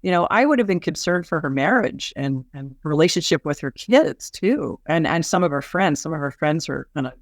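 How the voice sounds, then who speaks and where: A woman's voice: deep voice, a little fast, hardly any pauses, no room sound. Woman psychiatrist telling a case story, dry. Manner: animated, with frequent restarts and soft laughs. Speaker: psychiatrist guest.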